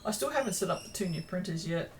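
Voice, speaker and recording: Talking fast and animatedly in a fairly low voice, a tired woman updates viewers on her small business from her home craft room. She rambles, puts herself down, and drifts through ums and tangents, with slight background noise.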